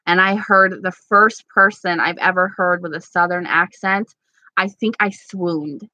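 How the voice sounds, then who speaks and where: A woman's voice: lowish voice, fairly even intonation, a little slow, bright, forceful tone, no room sound, lo-fi sound. A woman from New York, chatting casually and giggling as she rambles through viewer comments as a beauty vlogger. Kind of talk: casual live chat reading comments.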